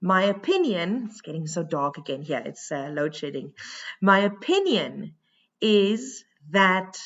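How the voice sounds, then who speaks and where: South african lady teacher going through a poem, slow and chatty, kinda muffled sound. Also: lowish voice, sing-song. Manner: explains step by step in a chatty, informal way. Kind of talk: poetry lesson.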